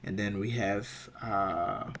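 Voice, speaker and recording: A man teaching a pronunciation lesson, patient and slow, asking the viewer questions and repeating each word several times. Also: fairly low pitch, creaky, a bit bright, a little hiss or hum. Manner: asks the viewer questions and answers them. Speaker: Greek teacher.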